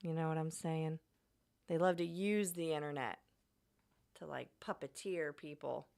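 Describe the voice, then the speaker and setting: A woman's voice: low-pitched, fairly even intonation, measured pace, gravelly, long pauses, a little mellow. A woman streamer chatting casually, giggly and rambling, often trailing off.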